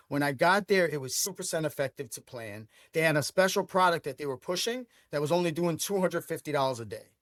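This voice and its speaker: A middle-aged man from Brooklyn, telling his life story as an interview guest with emphatic, energetic delivery and frequent repeated words. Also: fairly high pitch, dry recording, clean studio sound. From Brooklyn, New York. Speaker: franchise owner guest.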